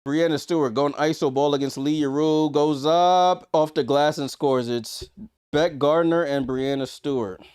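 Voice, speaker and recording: A man hosting a livestream watchalong, calling a basketball game with exasperated, disbelieving commentary, swinging between loud outbursts and muttered asides. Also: on the high side, fairly even intonation, unhurried, smooth, no echo, clean studio sound.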